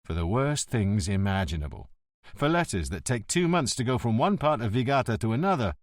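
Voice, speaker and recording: A male narrator plays a cunning, hot-tempered police inspector in an audiobook. He speaks in a biting, theatrical way, and his pitch swings widely. The sound is dry and close. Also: big pitch swings, brisk, dry recording, lightly acted. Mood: contemptuous.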